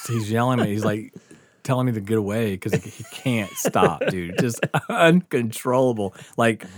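A man telling a story in casual chat, laughing often and swearing freely. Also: mid-range voice. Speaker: podcast host telling a story.

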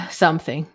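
A woman's voice: on the high side, breathy edge. A woman with a German accent co-hosting a podcast, chatting casually with lots of laughs and ums. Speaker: podcast co-host. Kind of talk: casual chat.

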